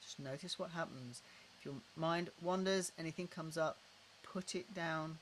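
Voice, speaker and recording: A middle-aged man calmly guiding a tapping and breathing exercise, slow and repetitive, recorded indoors at his desk. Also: fairly high pitch, a little hiss or hum, low-quality recording. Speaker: tapping practitioner. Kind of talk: guided tapping and breathing instruction.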